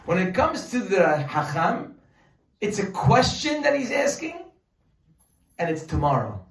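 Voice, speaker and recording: A man gives a lively, animated Torah class in a fairly high voice. He acts out the people in his stories. He stands off the mic in an echoey room. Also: a little slow, recorded from a distance. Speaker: rabbi teaching Torah.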